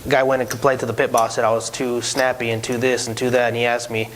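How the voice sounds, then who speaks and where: A man who used to be a casino dealer tells stories in a casual chat, animated and acting out the people in them. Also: mid-range voice, fast talker, slight background noise, low-quality recording. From Hispanic heritage, no country given. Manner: animated, acts out voices in his stories, many restarts. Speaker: podcast co-host, former casino dealer.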